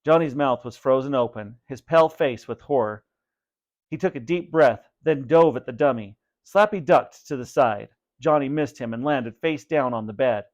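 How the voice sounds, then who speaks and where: A man reads a spooky children's story aloud as a teacher, steady and plain in his delivery. His voice sits at an ordinary middle pitch. Before he starts reading, he gives clear instructions to his students. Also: moderate pace, muffled recording. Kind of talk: read-aloud storybook narration.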